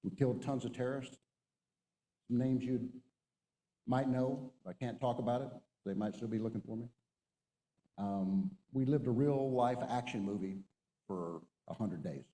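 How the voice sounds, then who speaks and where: A middle-aged man with a very dark, mellow voice gives a motivational talk from a stage to a group of men. He tells war stories and exhorts his listeners with emphatic, punchy delivery. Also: medium pitch, moderate pace, long pauses, in a large hall, poor audio. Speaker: retired Marine colonel speaker. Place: stage before an audience.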